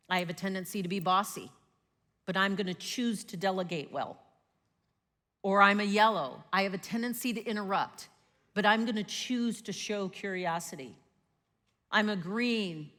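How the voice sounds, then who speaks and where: A woman in her forties leads a teaching session in a lively way, checking in with "right?" again and again. Her voice is bright and clear, and it carries a long reverb, as if recorded in a large hall. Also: medium pitch.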